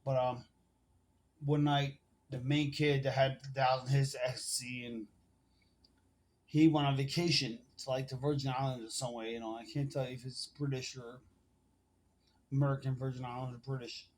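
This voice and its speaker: A man in his forties talks straight into his phone, spinning a long, meandering story. His speech is loose street slang, salted with swearing and filler. His voice sits at an ordinary middle pitch. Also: flat delivery, normal speed. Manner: rambling, profane street slang. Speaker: vlogger. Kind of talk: casual storytelling to camera. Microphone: phone camera.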